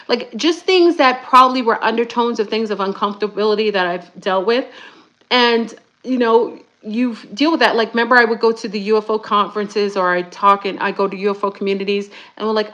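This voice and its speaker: A woman's voice: on the high side, fairly quick, dull audio. Chatty woman host talking to viewers. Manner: chatty, animated, addresses viewers as y'all. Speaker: YouTube spiritual talk host. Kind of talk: casual livestream talk to viewers.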